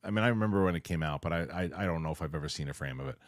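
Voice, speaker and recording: A man hosting a casual panel chat, reading viewer comments aloud in a chatty, animated way. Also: rumbling low, very fast, no echo, studio quality.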